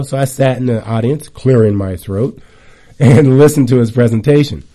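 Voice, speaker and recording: A middle-aged man with a deep, dark, mellow voice speaks casually about wellness. He tells stories in a chatty, animated way, full of lively asides, at an ordinary mid pitch. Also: normal speed. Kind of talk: casual talk to an audience.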